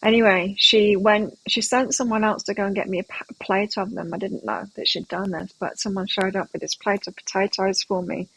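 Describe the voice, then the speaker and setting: A woman's voice: mid-range voice, fairly even intonation, fairly quick, creaky, few pauses, a bit bright, slight background noise, rough recording. A middle-aged woman hosting a live tarot stream, chatting casually and telling rambling anecdotes between readings.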